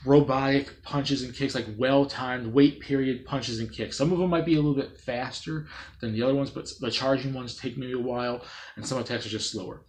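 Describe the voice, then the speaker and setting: An excitable man rambles through an off-the-cuff gaming commentary. He circles back on himself with plenty of fillers and restarts, and now and then breaks into loud, playful sound effects. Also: medium pitch, a little fast, a little hiss or hum. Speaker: gaming video creator.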